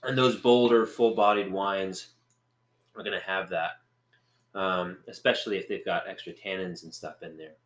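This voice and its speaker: A man's voice: deep voice, fairly even intonation, normal speed, a bit bright, echoey room. A man co-hosting a podcast, chatting in a rambling, joking, playful way. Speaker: podcast co-host. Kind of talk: casual chat.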